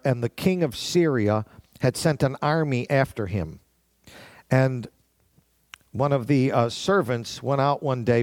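A man's voice: medium pitch, darkish tone, dry recording. A man preaching a sermon, reading scripture aloud and acting out the voices he quotes. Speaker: pastor.

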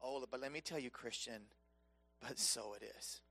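A man preaching a sermon, impassioned and conversational, swinging between loud emphatic peaks and soft hushed lows. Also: normal speed, slightly rough. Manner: conversational, casual asides.

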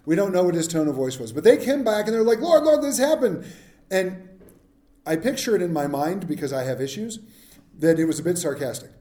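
A pastor preaching a sermon in a humorous, conversational way, often putting questions to the congregation. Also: male voice, fairly high pitch, lively intonation, fast, warm tone, roomy sound.

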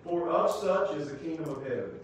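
High-voiced preacher man in echoey church. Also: animated, brisk, a little hiss or hum. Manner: emphatic, swings between shouting and quiet teaching. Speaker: pastor. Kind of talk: sermon. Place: church sanctuary. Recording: echoey church hall from far off.

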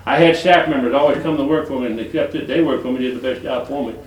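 A man's voice: mid-range voice, fairly even intonation, fast talker. An older man from Detroit preaching a folksy, colloquial sermon full of rambling stories and chuckles. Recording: echoey hall from far off.

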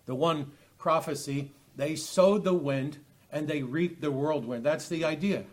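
A man teaching a Bible study, halting often with fillers and restarts as he reads and explains verses. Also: fairly high pitch. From United States.

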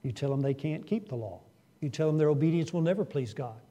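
A man's voice: a little high, fairly quick, warm tone. A man preaching a sermon earnestly, asking his listeners questions and suddenly raising his voice for emphasis. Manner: asks the congregation rhetorical questions. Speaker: pastor.

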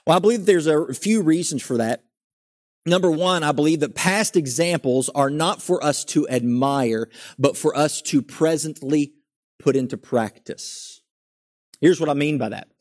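A young man delivers a sermon in a slightly high voice. He talks earnestly, swinging from emphatic, climbing lines down to hushed, quiet points. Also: measured pace. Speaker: preacher.

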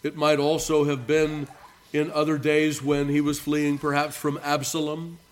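A male pastor giving an earnest expository sermon, repeating key phrases for emphasis, with halting restarts between phrases. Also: a little high, completely flat delivery.

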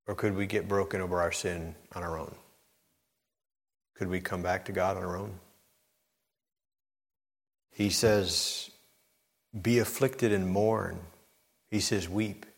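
In a reverberant hall, a man with a low voice preaches a sermon at normal speed, pausing often. His intensity surges, climbing to nearly shouted emphasis.

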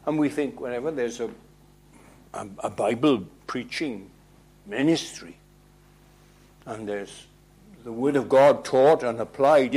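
In a mid-range voice, a man delivers a forceful sermon, alternating booming declarations with quiet lines and asking rhetorical questions.

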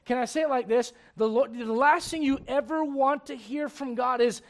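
A male pastor delivering a sermon in a notably high voice. He presses his points with rhetorical questions and moves from loud urgency to a hushed, grave tone. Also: moderate pace. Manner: emphatic, many rhetorical questions; swings between loud urgency and hushed gravity.

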